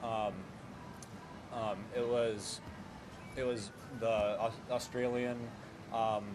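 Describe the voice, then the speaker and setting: A young man telling a travel story at a hostel in a measured way, pausing on many "uh"s. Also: lowish voice, level tone. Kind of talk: casual storytelling. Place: hostel common area. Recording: noisy background.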